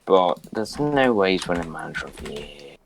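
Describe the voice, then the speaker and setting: Young British male co-host, lower voice, deadpan teasing. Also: normal speed, vocal fry, a little hiss or hum. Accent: British English. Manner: teasing, dry sarcasm. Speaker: podcast co-host. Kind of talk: casual chat.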